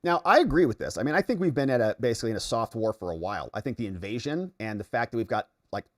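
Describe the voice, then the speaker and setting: An American man hosts a political commentary livestream, reading viewer chat aloud and reacting to it at a rapid-fire clip. He swings between excited outbursts and low mutters.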